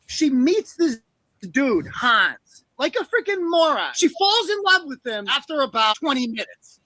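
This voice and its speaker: Man, high bright voice, animated profane ranter, close dry mic. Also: no echo, rough recording. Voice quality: animated, swearing, mimics characters in high voices. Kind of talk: profane comedic rant.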